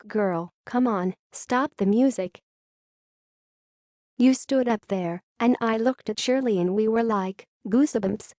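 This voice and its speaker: A woman's voice: fairly high pitch, warm tone, no echo. Woman reading a news story, dry. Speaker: news narrator. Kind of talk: scripted news narration.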